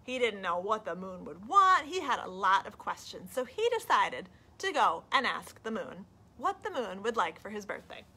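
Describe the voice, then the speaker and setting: A woman librarian reading a picture book aloud at a children's storytime, animated and asking the kids questions. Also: medium pitch, moderate pace, slightly rough.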